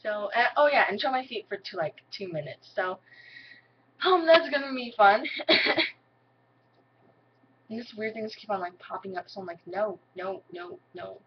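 Recorded indoors at home, a young vlogger chats casually to the camera in a rambling, giggly way, saying "like" constantly. Her fairly high voice has lively intonation and a moderate pace with long pauses, and the audio is dull with a little hiss or hum.

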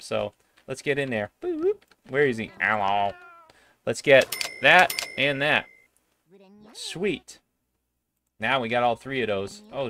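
A woman giving casual, excitable commentary while playing a video game, often breaking into panicked shouts and squeals. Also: a bass voice. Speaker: gaming video host. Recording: loud game music behind. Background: loud game music.

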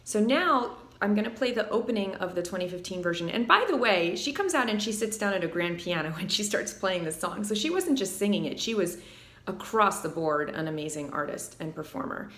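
A woman's voice: medium pitch, expressive, fairly quick, a bit bright, echoey room. A woman vocal coach explaining singing technique, commenting with enthusiasm over music clips.

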